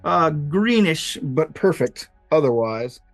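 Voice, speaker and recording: A man narrating as game master of a tabletop game, lively and chuckling, with many fillers. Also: fairly high pitch, slow, no room sound, soft background music.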